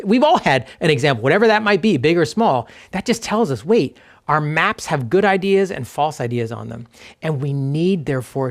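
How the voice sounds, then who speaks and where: A man from Canada preaching a sermon as pastor, earnest and reflective, slowing down and letting line ends fall to a hush. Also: a little high. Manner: earnest, slows down for reflective pauses.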